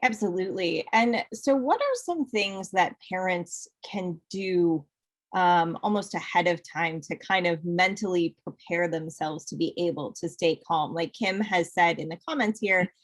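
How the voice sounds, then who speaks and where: A woman's voice: fairly low pitch, unhurried. A woman hosting a live interview, upbeat and passing on questions from viewer comments. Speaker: interview host.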